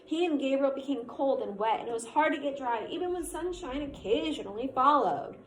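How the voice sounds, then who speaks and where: A woman's voice: sits high, lively intonation, a little fast, slight background noise. Woman reading a novel aloud in an echoey room. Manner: reads steadily, stops to quiz the listener. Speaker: teacher reading aloud to a student. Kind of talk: classroom read-aloud of a novel. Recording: echoey room, faint ambience.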